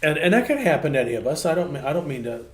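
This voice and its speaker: A man, a pastor co-hosting a casual ministry podcast, telling folksy stories with animated asides. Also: on the high side, very fast, roomy sound. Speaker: pastor, co-host.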